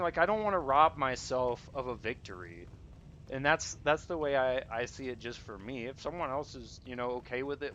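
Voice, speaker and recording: A man at a middle pitch gives live gameplay commentary as a streamer, chatting casually to his viewers. He rambles, restarts sentences and leans on fillers, and keeps cheering his audience on. A faint hum of noise runs underneath. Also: a bit bright, dull audio. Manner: encouraging, talks straight to viewers. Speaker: gaming streamer.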